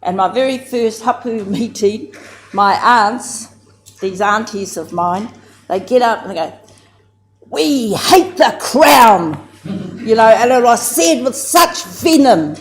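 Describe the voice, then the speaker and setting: A woman from New Zealand with a New Zealand accent, giving a reflective talk. She searches for words and turns lively and amused when she tells stories. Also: on the high side, measured pace, a little hiss or hum. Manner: thoughtful, searching for words, many "you know"s. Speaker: speaker at a research gathering.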